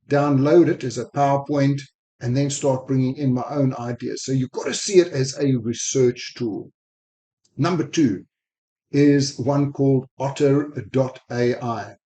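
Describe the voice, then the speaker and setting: Brief: man with a blended South African-American accent, quick, eager tutorial delivery, mellow tone. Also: medium pitch, steady tone. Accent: mixed South African, Spanish and American. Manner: quick, enthusiastic talk. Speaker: sales technology speaker. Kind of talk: screen-recorded software walkthrough. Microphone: desk microphone while screen recording.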